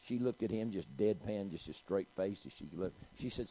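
A man's voice: low voice, expressive, moderate pace, mellow, slightly rough, rough recording. A middle-aged man, preaching a sermon and telling a story, calling out to his congregation. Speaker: pastor.

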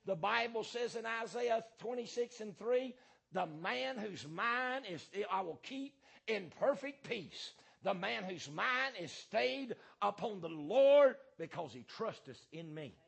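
A man preaching a fiery sermon as pastor, hammering points through repetition and filling pauses with "uh" and "um". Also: high voice, expressive, vocal fry, fairly bright tone, breathy edge.

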